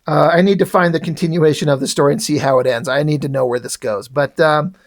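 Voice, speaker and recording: A man's voice: a little high, fairly even intonation, quick pace. A man casually reviewing a comic book, rambling, blunt and swearing freely.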